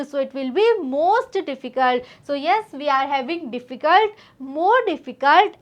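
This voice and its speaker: A woman with an Indian English accent leads a grammar lesson in a high voice. She explains patiently, repeating her points and turning often to the student. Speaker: teacher.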